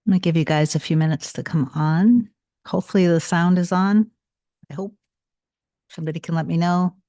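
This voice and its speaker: A woman's voice: fairly low pitch, brisk, warm tone, dry recording, clean studio sound. A tired woman talking casually to viewers on a livestream, greeting them by name and repeating phrases. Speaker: manifestation coach hosting a livestream.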